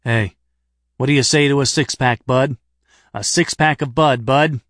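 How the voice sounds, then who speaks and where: A man's voice: mid-range voice, measured pace, fairly bright tone, dry recording, studio quality, lightly acted. Male narrator reading a restless, jokey middle-aged hiking pal, breezy and offhand, audiobook.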